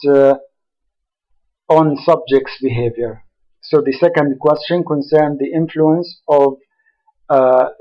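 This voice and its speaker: Man, conference presentation, slow, halting with fillers, slightly high voice, dull lo-fi sound. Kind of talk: academic conference talk.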